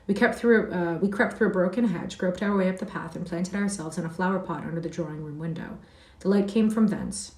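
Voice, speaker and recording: Heathcliff, a fierce, scornful boy, read by a woman in a low voice, tells his wild tale. The sound is roomy and picked up from some distance away. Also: fairly quick, natural voice.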